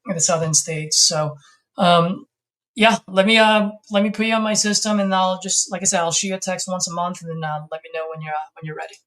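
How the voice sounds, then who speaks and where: This man's voice is high-pitched, steady and fairly bright, moving a little fast. He's a Californian real estate investor hosting a live call session, talking with a seller in an easygoing, friendly phone manner.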